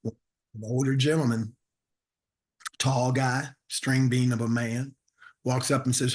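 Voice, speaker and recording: A man's voice: medium pitch, a little slow, long pauses. A man, a comedian, telling a self-deprecating story in conversation and acting out the voices of the people in it. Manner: animated, acts out voices of people in his stories. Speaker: comedian guest.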